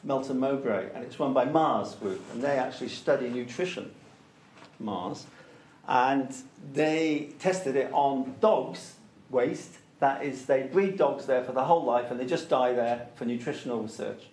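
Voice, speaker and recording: A man talks through anecdotes with firm emphasis, circling back to repeat his main points. His voice sits at an ordinary middle pitch. The room around him gives off a noticeable echo. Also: a little slow, darkish tone. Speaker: interviewee, organic soil product promoter. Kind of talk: anecdotal storytelling in conversation.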